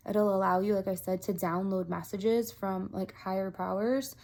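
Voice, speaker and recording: A woman talking straight to her viewers in a chatty, upbeat vlog. Her speech is earnest and animated, with plenty of "like" and "um" fillers. Her voice sits at a middle pitch. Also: normal speed. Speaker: vlogger. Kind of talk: casual talk to camera.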